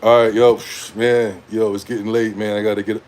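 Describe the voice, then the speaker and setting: A man imitating a bored male game streamer who fakes excitement, in a flat, lazy drawl. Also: lowish voice, moderate pace, pitched below the performer's own voice, lightly acted.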